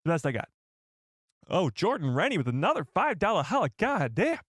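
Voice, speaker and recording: A man hosting a live stream, chatting with viewers in an excitable, joking way. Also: high voice, fairly quick, dry recording, studio quality. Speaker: livestream host.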